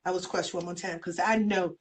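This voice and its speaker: A woman's voice: fairly low pitch, fairly even intonation, brisk, slight background noise. An older woman tells a personal story in an interview, acting out the voices of others. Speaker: guest, mother of a missing young man's family. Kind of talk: emotional personal account.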